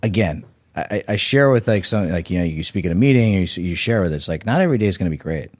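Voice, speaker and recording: Low-voiced man, emphatic and rambling. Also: animated, quick pace, a little mellow, no echo, clean studio sound. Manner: emphatic, restarts and repeats words; swears casually. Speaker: guest, snack bar founder. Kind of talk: casual podcast chat.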